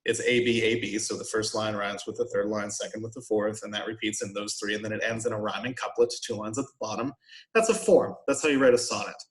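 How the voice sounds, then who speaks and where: A man's voice: on the low side, steady tone, quick pace. A man teaching a college poetry class in an informal recorded lecture, explaining patiently with frequent "um"s and "right?" asides. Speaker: college instructor.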